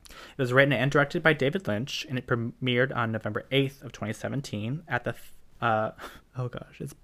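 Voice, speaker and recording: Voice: mid-range voice, fairly even intonation, brisk, fairly bright tone. A podcast co-host chatting casually about films, rambling with lots of fillers and frequent laughter. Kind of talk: casual chat about film.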